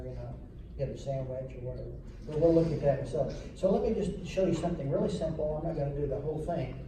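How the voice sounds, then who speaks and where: Joking band clinician in an echoey hall. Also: male voice, mid-range voice. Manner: chatty, joking, asks the players questions. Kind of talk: coaching a school band. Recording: echoey hall from far off, with noise.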